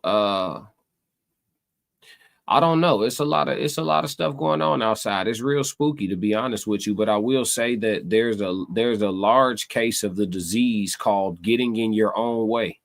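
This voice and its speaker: Unhurried and gravelly, this fairly low male voice belongs to a live streamer talking casually to his chat. His delivery wanders, packed with fillers and repeated phrases as he hunts for the right words.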